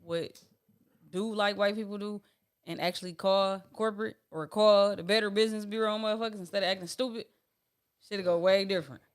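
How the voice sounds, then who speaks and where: A man's voice: high-pitched, steady tone, a little fast, clear, resonant tone. A man with a Detroit accent in casual podcast chat, blunt and opinionated. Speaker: podcast co-host.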